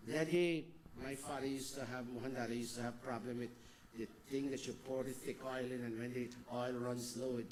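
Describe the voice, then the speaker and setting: A man giving a devotional sermon as a spiritual teacher, swinging between loud exhortation and soft, slow murmurs. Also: medium pitch.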